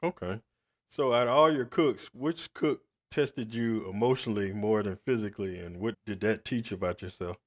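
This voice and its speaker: A man hosting a podcast, asking questions in a relaxed, easygoing way. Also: fairly low pitch, normal speed. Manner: easygoing, asks questions with short laughs. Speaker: podcast host. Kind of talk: casual interview.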